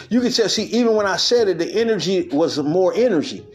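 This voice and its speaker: Male podcast host, slightly higher voice, casual street talk, quick laughs, faint music bed. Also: animated, darkish tone. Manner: street-talking, laughs often, acts out quotes. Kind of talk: loose spiritual monologue.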